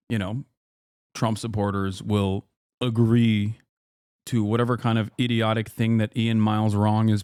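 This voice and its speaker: A man's voice: mid-range voice, darkish tone, clear, resonant tone, dry recording, clean studio sound. A man streaming and reacting to clips in casual commentary, blunt and profane, rambling with many fillers. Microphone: streaming microphone with noise gate.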